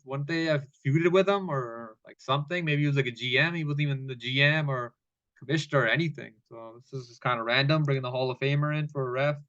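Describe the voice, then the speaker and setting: A man's voice: on the high side, a bit bright, highs cut off. A man casually recapping a wrestling show, rambling and profane, with fillers and laughs.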